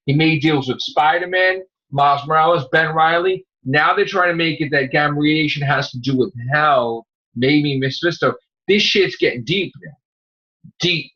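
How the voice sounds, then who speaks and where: A man hosting a casual podcast, rambling excitedly about comic books and swearing freely as he retells scenes. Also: fairly high pitch, moderate pace. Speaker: podcast host. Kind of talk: casual comic book chat. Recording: dull lo-fi recording.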